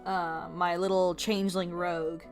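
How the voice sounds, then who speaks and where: A woman's voice: lowish voice, flat delivery, normal speed, music in the background. A woman who grew up speaking Spanish, chatting casually and laughing easily while drawing on a stream. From Hispanic family, grew up speaking Spanish.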